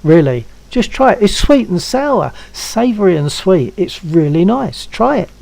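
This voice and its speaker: A man's voice: high-pitched, sing-song, a little slow, gravelly, darkish tone, no echo, poor audio. A man in his seventies hosting a stream, chatting casually and coaxing a friend to try something. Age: 70s. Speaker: stream host. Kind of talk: casual chat.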